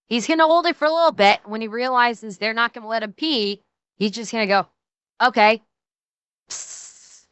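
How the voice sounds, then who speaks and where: A woman's voice: fairly high pitch, a little fast, fairly bright tone, smooth, dry recording. A woman streamer reacting to a video on a live stream, joking, swearing freely and laughing often. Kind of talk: casual live-stream commentary.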